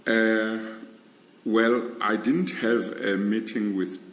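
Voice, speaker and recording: A man answering questions at a formal hearing, measured and hesitant with many pauses. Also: on the low side, steady tone. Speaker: candidate being interviewed. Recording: echoey hall with faint room noise.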